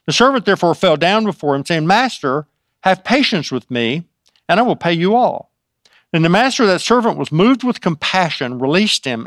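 A man's voice: a little high, a bit bright, dry recording. A male preacher with a slightly raised voice, reading scripture and then talking it through in a loose, conversational way. The sound is close and dry, with almost no room in it. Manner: reads scripture aloud then explains it conversationally, with restarts. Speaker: pastor. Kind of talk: sermon.

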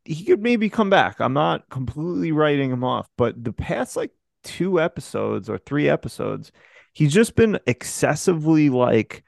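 Gravelly man in profane podcast chat. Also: on the high side, very animated, moderate pace, no room sound, studio quality. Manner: profane, rambling, exasperated asides. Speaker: podcast co-host. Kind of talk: casual recap chat.

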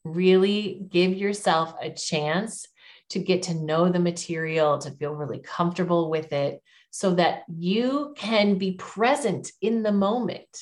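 A woman's voice: on the low side, unhurried. A middle-aged woman giving public speaking advice as an interview guest, in an encouraging, emphatic coaching tone.

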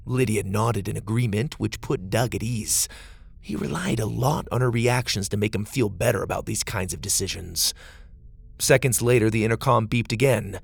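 A man narrating a children's story in a gentle, steady storytelling manner. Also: fairly low pitch, normal speed, creaky, breathy edge, no echo.

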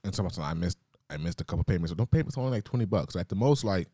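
Deep mellow-voiced young man. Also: lively intonation, rapid-fire, no room sound, clean studio sound. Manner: laid-back, swears freely, laughs. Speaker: podcast co-host. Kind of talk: casual chat.

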